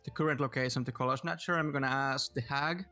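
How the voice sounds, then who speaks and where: A man playing a tabletop game, negotiating in halting, self-correcting sentences. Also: medium pitch, fairly even intonation, pushed and bright, soft background music. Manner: hesitant, restarting often. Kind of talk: casual chat.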